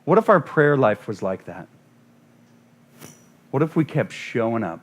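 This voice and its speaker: A man's voice: medium pitch, big pitch swings, unhurried, long pauses. A man preaching a sermon as guest pastor in a church, earnest and building to impassioned repetition. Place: church sanctuary.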